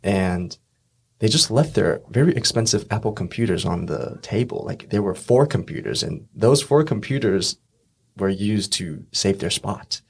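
A man's voice: lowish voice, lively intonation, normal speed, gravelly, husky. A man interviewing a guest in English, asking curious questions and joking with her in a teasing way. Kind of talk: casual interview chat.

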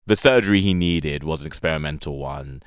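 A man's voice: extremely low pitch, fairly quick, smooth, dry recording, studio quality. A young man with an English accent telling a personal story in a chatty, amused way, full of fillers. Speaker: guest storyteller.

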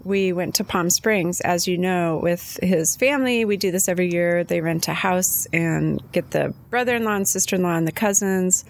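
A woman's voice: on the low side, normal speed, hardly any pauses. Middle-aged woman, podcast co-host, chatty storyteller, emotional, casual chat.

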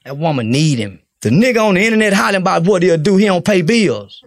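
A man talks in a blunt, profane street style, preaching his point. His voice sits high for a man and has a gravelly edge. The recording is close and dry. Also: animated, fast talker, no echo. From Fort Worth, Texas. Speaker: interview guest. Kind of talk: casual interview talk.

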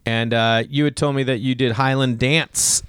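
A man's voice: mid-range voice, steady tone, moderate pace, crowd noise. A man from the Boston area hosting a casual chat, wry and teasing, acting out bits of his stories. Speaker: podcast host.

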